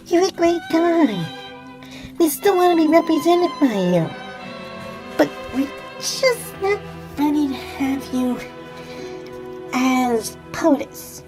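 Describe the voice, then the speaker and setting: A woman plays America as a woman letting someone down easy, in a casual breakup voice. Her pitch sits high and she speaks slowly. A little music plays underneath. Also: expressive, low-quality recording. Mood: apologetic. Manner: breezy breakup talk with text-speak. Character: America personified, woman letting a man down gently.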